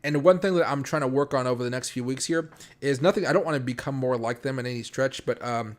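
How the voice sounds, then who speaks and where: A man hosting a casual late-night crypto live stream from home, talking fast and rambling with lots of fillers and restarts. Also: mid-range voice. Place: home room.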